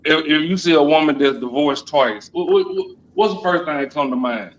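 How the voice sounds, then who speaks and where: Casting: male host, slightly high voice, stammers and teases, faint noise behind. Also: fairly quick, muffled recording. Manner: stammering, teasing, repeats words. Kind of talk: casual group chat.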